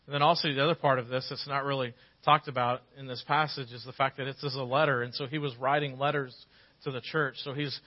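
A man in his forties preaching a sermon as a pastor, telling personal stories and acting out quotes with lively shifts. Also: medium pitch, fast, dull audio. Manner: storytelling with lively acted quotes.

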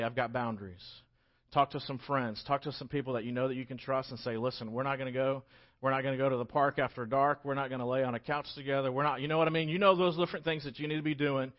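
A man, preaching a sermon and acting out scripture in lively voices. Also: mid-range voice. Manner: animated, acts out scripture voices. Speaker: pastor. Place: church sanctuary. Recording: dull lo-fi church recording.

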